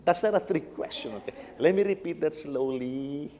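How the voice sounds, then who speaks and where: A man's voice: on the high side, animated, normal speed, darkish tone, a little hiss or hum. A middle-aged male pastor giving a conversational sermon, repeating words as he tells stories about his family. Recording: long reverb of a church hall.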